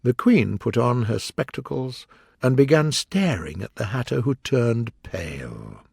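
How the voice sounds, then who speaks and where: A man narrating a children's audiobook with a lively, expressive reading. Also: medium pitch, unhurried, creaky, slightly rough, no room sound, clean studio sound. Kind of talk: storybook narration.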